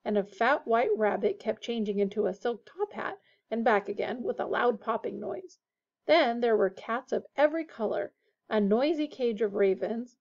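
A woman reading a children's fantasy novel aloud in a steady, expressive way. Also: mid-range voice, vocal fry. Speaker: audiobook reader. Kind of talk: storybook narration. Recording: dull lo-fi recording.

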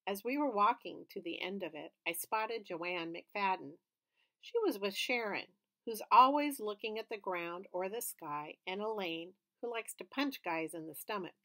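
A woman's voice: medium pitch, lively intonation, normal speed, bright, forceful tone. A woman reading a children's book aloud, narrating steadily and expressively. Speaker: storybook reader.

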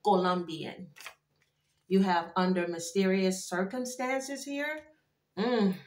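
Animated woman reading tarot cards. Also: medium pitch, normal speed. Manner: animated, exclaiming, chatty, addresses viewers as y'all. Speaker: tarot reader. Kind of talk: casual tarot card reading to viewers. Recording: echoey room.

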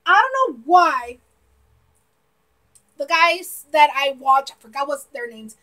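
A young woman reacting to a movie trailer in a giggly, excitable way, bursting into shouts of delight. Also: high-pitched, slow pace.

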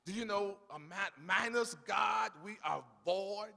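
Fervent high-voiced preacher in echoing church. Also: male voice, a little slow, gravelly, pushed and bright. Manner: fervent preaching, calls for congregation responses. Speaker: pastor. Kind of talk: sermon. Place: church sanctuary. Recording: long reverb of a church sanctuary.

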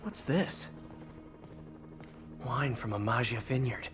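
A man's voice: mid-range voice, takes it slowly, lightly acted. A man voicing a wisecracking young male superhero in a video game, with dry, joking asides. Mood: wry. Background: game music.

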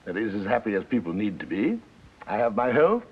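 A man's voice: fairly low pitch, wildly swooping pitch, a little fast, breathy edge, full character voice. A man playing a mild, plainspoken older grandfather in a 1950s film. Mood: firm. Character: proud retired-age grandfather, gentle and firm. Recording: dull old film soundtrack.

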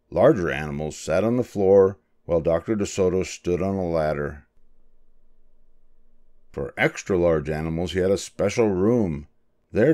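Older grandfather reading a storybook. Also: low voice. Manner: warmly expressive, lively storytelling. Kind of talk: children's storybook read-aloud.

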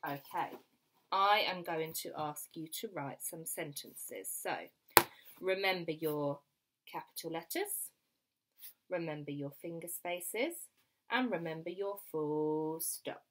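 A young woman teaching a phonics lesson to small children, slowly sounding out each letter and word. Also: sits low, a little hiss or hum. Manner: slow, clear sounding-out of letters. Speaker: primary school teacher.

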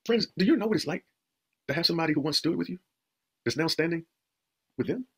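Male preacher, rapid-fire sermon delivery, heavily husky voice, emphatic repetition and rhetorical questions. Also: fairly high pitch, expressive. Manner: emphatic, repeats phrases, rhetorical questions to the congregation.

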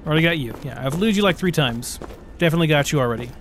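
A man's voice: fairly high pitch, very fast, a little hiss or hum. A man casually commenting on his game and reading in-game books aloud. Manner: relaxed, chatty while looting. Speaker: gameplay video host.

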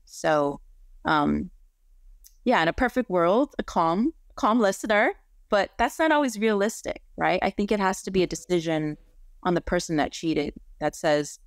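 A woman with a low voice speaks earnestly in a relaxed interview, tagging her points with "right?" as she explains them. The sound is dry and close, with no room around her. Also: normal speed, dry recording. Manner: frequent "right?" tag questions, earnest and explanatory. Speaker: marriage and family therapist, guest. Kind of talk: conversational interview.

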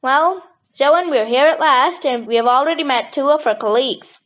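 A woman reading an audiobook and voicing a brisk, teasing, down-to-earth young woman. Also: high voice, fairly bright tone. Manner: brisk, teasing, matter-of-fact. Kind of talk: audiobook character voice.

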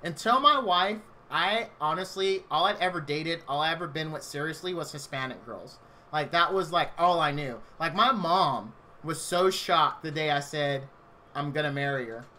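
A man's voice: on the high side, moderate pace, bright, forceful tone, slight background noise. A man in his thirties telling a rambling personal story on a live game stream, chatty and full of "like".

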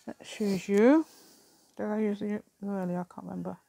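A middle-aged English craft vlogger chats casually while crafting at her table, rambling, thinking aloud and laughing often. Her mid-range voice is steady, creaky and mellow at a moderate pace, caught dry by a camera on the table.

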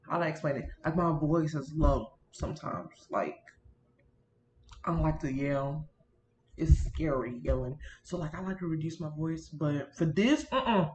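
A woman's voice: lowish voice, slight background noise. Chatty woman on an echoey laptop mic. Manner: rambling, animated, talks to viewers as y'all. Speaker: gaming YouTuber. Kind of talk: casual chatty vlog narration. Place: home room near a busy street. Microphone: built-in computer mic.

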